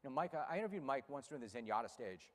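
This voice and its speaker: A man in his fifties speaking emotionally to an audience about losing his racehorse, halting and repeating words when upset. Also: medium pitch, sing-song, long reverb tail. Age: 50s. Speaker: racehorse owner and radio host. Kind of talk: emotional personal speech to an audience. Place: room with a live audience.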